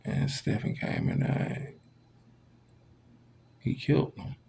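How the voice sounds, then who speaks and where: A man's voice: slow, dark tone. A young adult man telling a story in a casual, laid-back way, swearing freely and dropping "man" into nearly every sentence.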